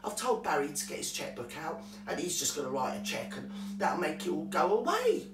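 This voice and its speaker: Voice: medium pitch, wildly swooping pitch, a little fast, far from the mic, music in the background, voice pushed down. A whiny, vain posh lady, as a performer mimics her. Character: posh self-pitying woman, vain and whiny. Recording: roomy sound from away from the mic.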